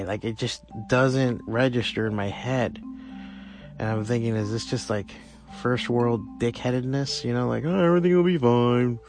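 A man's voice: medium pitch, gravelly. A man hosting a podcast on his own, talking in a rambling, profane, casual way with lots of fillers. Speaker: podcast host. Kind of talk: casual solo monologue.

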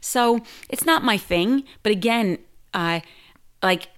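A woman's voice: medium pitch, slow pace. A woman who teaches yoga, telling stories in a casual interview and acting out the people she quotes. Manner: animated, quotes people in lively voices.

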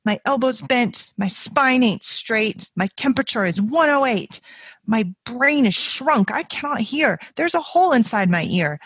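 A woman's voice: expressive, unhurried, a bit bright, slightly rough, dry recording, full character voice. A woman reading a poem aloud and voicing a little girl who is faking a long list of ailments, in a melodramatic, complaining way. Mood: whiny, dramatic. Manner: breathless, melodramatic complaining that jumps high in pitch. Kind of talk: dramatic poetry reading.

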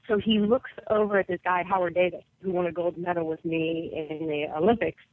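A woman's voice: lowish voice, flat delivery, a little fast, no room sound. New york woman, coach on a podcast, tells stories and does the voices, sounds like a dry thin phone call. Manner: vivid storyteller who acts out quoted voices. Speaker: podcast guest, basketball coach. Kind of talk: personal storytelling in an interview. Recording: tinny dry phone line.

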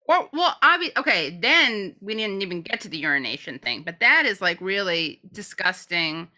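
A woman's voice: mid-range voice, sing-song, normal speed, bright, forceful tone. A woman co-hosting a casual commentary chat, blunt and profane, joking as she reacts. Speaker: co-host.

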